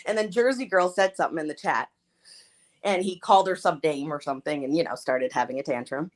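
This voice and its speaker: A woman's voice: low-pitched, brisk. A woman guest on a livestream, telling a story in casual chat, laughing often and acting out what others said. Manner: giggly, animated, acts out quotes.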